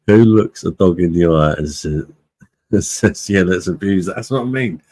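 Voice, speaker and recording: A man's voice: sits low, lively intonation, slow pace, mellow. A man hosting a live-stream beer review, chatting casually with viewers in a blunt, sweary way and laughing often.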